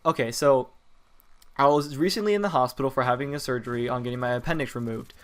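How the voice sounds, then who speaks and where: A man's voice: mid-range voice, fast. Teenage guy rambling through a story. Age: teens. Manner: rambling, with frequent fillers and restarts. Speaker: vlogger telling personal stories. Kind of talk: casual storytelling.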